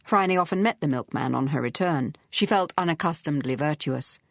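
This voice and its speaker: A woman narrating an audiobook in a measured, even manner. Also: deep voice, creaky, no room sound, clean studio sound. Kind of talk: scripted narration.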